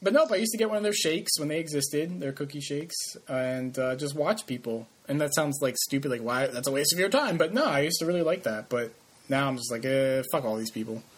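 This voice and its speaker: Higher-voiced, husky man joking around. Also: lively intonation. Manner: jokey, sarcastic, quick to laugh. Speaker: podcast co-host reading listener comments. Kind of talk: casual chat about video games.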